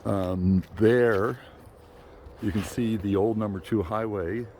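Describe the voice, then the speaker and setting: A man's voice: fairly low pitch, steady tone, slow, a little mellow, a little hiss or hum. An older man vlogging casually on an outdoor park trail, out of breath and panting between phrases. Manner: chatty, panting between phrases, apologetic, laughs often. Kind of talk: casual walking vlog.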